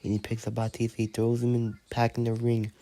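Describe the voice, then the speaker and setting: A man who is sick and speaking low, giving play-by-play wrestling commentary and counting out the pins. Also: monotone, fairly quick, dark tone, no echo. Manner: counts pins aloud and announces winners.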